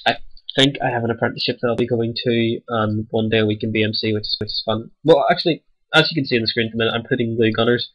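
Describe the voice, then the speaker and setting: A young man in his late teens, stuffy-nosed and a little raspy from a cold, giving rambling, hesitant commentary over a game he is playing. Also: medium pitch, fairly even intonation, quick pace, muffled recording. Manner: rambling and hesitant, many ums. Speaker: gaming channel host. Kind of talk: casual gameplay commentary.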